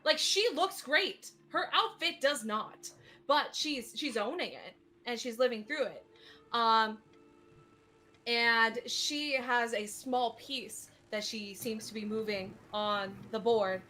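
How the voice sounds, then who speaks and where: A woman's voice: a little high, slow, bright, forceful tone. A woman narrating as game master of a tabletop game, describing scenes in a chatty way with many fillers.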